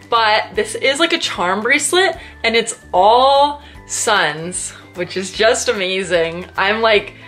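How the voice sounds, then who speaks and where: A woman's voice: medium pitch, fairly bright tone. Effusive chatty woman unboxing gifts. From Canada. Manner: effusive, chatty, many fillers. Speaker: channel co-host. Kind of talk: casual unboxing chat.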